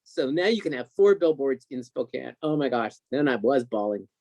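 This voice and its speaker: A man telling an excited, emotional story as a guest on a video call, acting out what others said. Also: mid-range voice, normal speed, no room sound. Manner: excited, emotional storyteller who acts out quotes.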